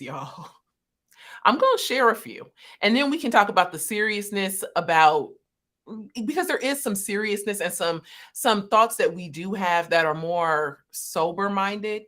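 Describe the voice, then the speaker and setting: A woman co-hosting a casual livestream discussion, animated and laughing often. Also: medium pitch, a little slow. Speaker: co-host. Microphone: video call.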